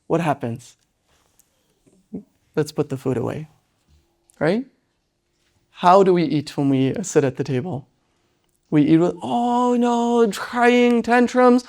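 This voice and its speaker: A lecturer giving an Islamic parenting lesson. They speak in a lively way, often tag lines with "right?", and briefly act out parents and children. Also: medium pitch, unhurried, long pauses. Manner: animated, tags lines with "right?"; acts out parents and children in quoted voices.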